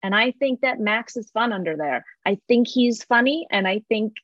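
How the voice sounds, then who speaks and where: A woman's voice: on the high side, lively intonation, normal speed, a bit bright, dry recording. A woman co-hosting a podcast over a video call, talking playfully with strong opinions. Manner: playful, opinionated, laughs easily. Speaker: podcast co-host. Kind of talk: casual podcast chat. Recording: dull, dry video-call audio.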